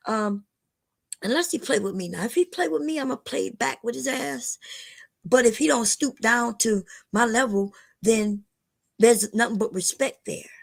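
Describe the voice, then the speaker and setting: An older woman chats on her livestream in a blunt, preachy way, addressing her viewers directly. Her voice sits a little high and has a gravelly, fry-laden edge. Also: moderate pace. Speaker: livestream host. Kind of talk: casual livestream chat.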